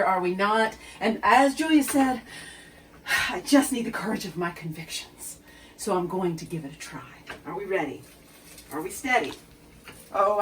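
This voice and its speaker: A woman's voice: mid-range voice, distant mic, a little hiss or hum. A woman hosting a home cooking demonstration, chatty and self-deprecating, talking straight to her viewers. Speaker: cooking show host. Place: home kitchen.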